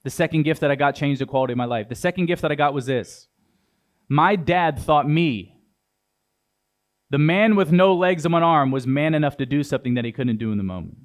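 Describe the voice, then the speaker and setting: A young man, a motivational speaker, delivers a punchy, dramatic keynote from the stage of a large event hall, addressing the audience directly. His voice is a little high and fairly quick.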